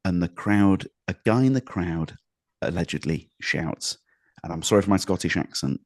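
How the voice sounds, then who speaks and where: A man with a fairly low voice co-hosts a casual podcast chat. He tells stories in a rambling way, restarting and hedging as he goes. The recording is close and dry, with almost no room sound. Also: normal speed, darkish tone, no room sound. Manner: rambling anecdotal storyteller, restarts and hedges. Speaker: podcast co-host.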